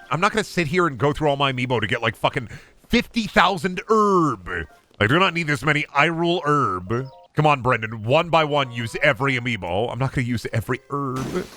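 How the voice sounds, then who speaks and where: A young man streams a game with loose, excitable commentary, cursing often and bantering with himself and his chat. His voice swings widely in pitch and carries a bright, forward edge. Faint game music plays underneath. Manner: excitable, swears a lot, talks to himself and chat. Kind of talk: casual gameplay commentary.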